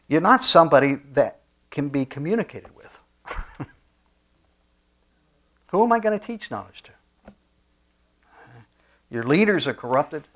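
A man preaching a sermon in a conversational way, with frequent restarts and soft asides. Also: medium pitch. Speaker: pastor.

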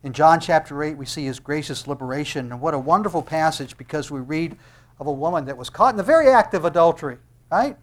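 Impassioned male preacher, loud to hushed. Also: on the high side, lively intonation, quick pace. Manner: swings between loud emphatic shouting and hushed tender lines; asks the audience rhetorical questions. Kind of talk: sermon.

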